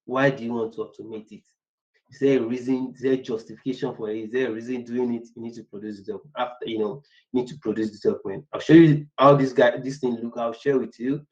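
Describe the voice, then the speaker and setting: A man's voice: mid-range voice, fairly even intonation, fast talker, dull audio. A man teaching business analysis in a casual, rambling way. He repeats words and acts out short workplace exchanges. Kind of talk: casual online lecture.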